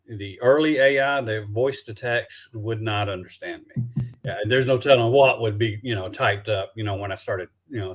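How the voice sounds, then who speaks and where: A man from Alabama with a Southern accent, chatting loosely on a video call about his documentary work, halting with many restarts and fillers. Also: medium pitch. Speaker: documentary filmmaker guest. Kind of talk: casual live-stream chat.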